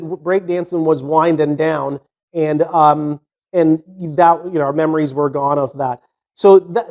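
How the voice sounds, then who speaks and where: A man's voice: on the high side, a little mellow. A man in his sixties from Jamaica, with a Jamaican accent, hosting a podcast and telling stories from his youth in a rambling, conversational way full of restarts and asides. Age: 60s. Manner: rambling, with frequent restarts and "you know" asides. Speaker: podcast host. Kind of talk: casual storytelling monologue.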